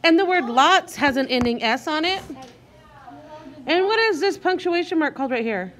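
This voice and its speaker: A woman teacher leading a guided reading lesson for young children, sounding out words slowly and encouraging her class. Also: high voice, animated, fairly bright tone.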